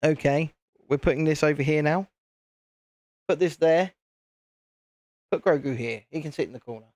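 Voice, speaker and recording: A man's voice: a little high, normal speed, a little mellow, no echo. A British man hosting a live stream, chatting casually to viewers in a self-deprecating, easily flustered way. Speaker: channel host.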